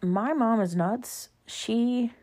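A young woman vlogging in a casual chat, gushing and talking quickly with lots of "like" and "literally", jumping higher and louder when she acts out quotes. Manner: gushing, chatty, fillers like "like" and "literally".

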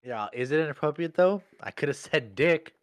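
A young man hosting a casual chat with friends, laid-back, teasing and quick to laugh. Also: on the high side, lively intonation, dry recording, clean studio sound.

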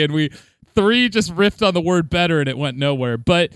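A man's voice: on the high side, expressive, normal speed, smooth, dry recording, studio quality. A man co-hosting a podcast in casual chat, laughing often and slipping into playful put-on accents. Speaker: podcast co-host.

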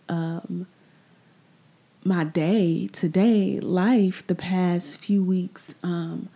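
A woman hosting a personal faith podcast, talking candidly and reflectively, often trailing off into soft, breathy asides. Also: lowish voice. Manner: repeats phrases, trails off into pauses. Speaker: podcast host.

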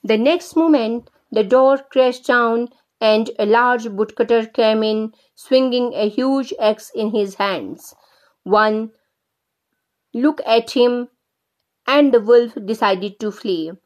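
Slow, gentle woman narrator for a children's fairy tale. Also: fairly high pitch. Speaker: storyteller. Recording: slightly dull lo-fi recording.

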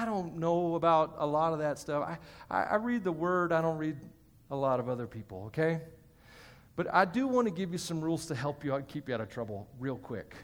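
A male pastor giving a sermon in a church, chatty and joking with the congregation between points. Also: high-pitched. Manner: conversational, joking asides to the congregation. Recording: hall reverb.

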